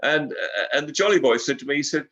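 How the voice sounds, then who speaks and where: An older man, a guest speaking in casual interview chat. He rambles, repeating words and filling pauses as he goes. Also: a little high, animated, fairly bright tone. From England. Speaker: guest broadcaster. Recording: slightly dull lo-fi audio.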